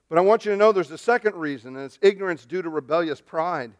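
A pastor preaching a sermon, swinging from hushed, near-whispered lines to loud, emphatic ones. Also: male voice, a little high, fairly quick, hardly any pauses.

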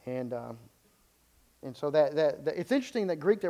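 A man's voice: a little high, animated, brisk, mellow. A man preaching a sermon in an unscripted way, stumbling and repeating words, then building to emphatic peaks.

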